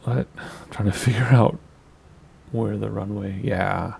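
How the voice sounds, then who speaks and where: Male let's-play host, low and gravelly, easygoing running commentary. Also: measured pace, a little hiss or hum. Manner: relaxed, chatty, thinking aloud with small laughs. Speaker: gaming channel host. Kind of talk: casual flight sim let's-play commentary.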